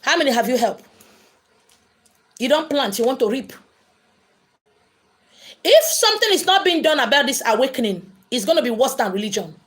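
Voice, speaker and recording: A woman speaks to her online viewers in a voice a little higher than most. She preaches emphatically and answers their questions live. She repeats phrases to drive her points home. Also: very animated, normal speed, long pauses. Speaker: spiritual livestream host. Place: indoors, live streaming.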